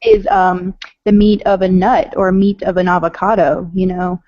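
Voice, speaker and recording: A woman's voice: on the low side, steady tone, normal speed, a little mellow, no room sound. A woman in casual chat, agreeable and chiming in. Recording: dull lo-fi sound.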